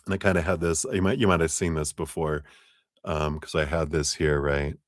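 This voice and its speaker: A man talking through a live tarot reading, animated, with frequent fillers and laughs. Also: unhurried, vocal fry, dry recording, studio quality. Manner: animated, acts out quoted voices with big pitch jumps; laughs often, many fillers. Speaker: tarot reader. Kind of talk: live-streamed reading talk.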